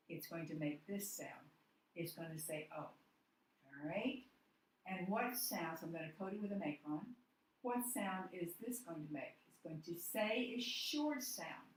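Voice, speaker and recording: Slow, patient woman teaching phonics. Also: fairly low pitch, roomy sound, slight background noise, low-quality recording. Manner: slow, patient, step-by-step explaining. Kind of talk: phonics lesson.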